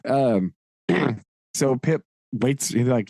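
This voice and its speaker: A man's voice: mid-range voice, animated, measured pace, a little mellow, no room sound. A man co-hosting a podcast, casually recapping a book with lots of fillers and frequent laughs. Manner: rambling, laughs often, many "like" fillers. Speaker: podcast co-host.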